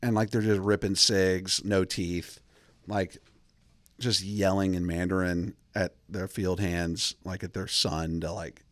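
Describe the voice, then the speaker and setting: A podcast host with a fairly low voice rambles through casual chat, joking and cutting himself off mid-thought. He talks close to the mic in a dry, dead room. He jumps from point to point with quick asides. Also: little pitch movement, no room sound.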